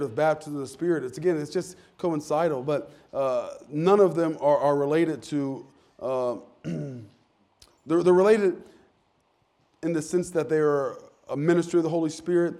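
A man preaching a casual, candid sermon to his church, with frequent restarts and lively asides. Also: on the high side. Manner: candid, self-deprecating, animated with many restarts. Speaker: pastor. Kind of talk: conversational sermon. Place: church sanctuary.

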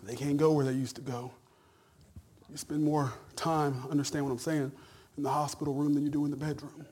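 A middle-aged male pastor preaching a sermon in a conversational, folksy way, stammering and then rising to loud shouted peaks. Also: a little high, flat delivery, fairly quick, husky.

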